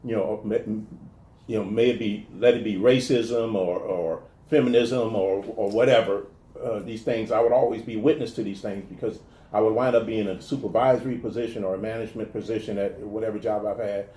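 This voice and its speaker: A man from the telling stories in a casual interview, animated and restarting his sentences often. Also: lowish voice, brisk, echoey room. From American South. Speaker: guest talking about his life.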